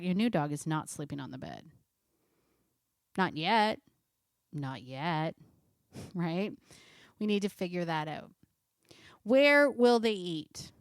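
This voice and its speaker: A middle-aged woman talks through dog training in a lively, conversational way, asking listeners question after question. Her voice sits at an ordinary pitch for a woman and is recorded dry and close, with no room echo. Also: clean tone. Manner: lively, conversational, asks many rhetorical questions. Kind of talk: casual instructional talk to camera.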